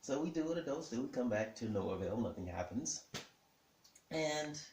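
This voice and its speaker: A man telling a personal story in a lively way, acting out what each person said. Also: mid-range voice, normal speed, recorded from a distance, slight background noise. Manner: animated, acts out the dialogue of everyone in the story. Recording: echoey room.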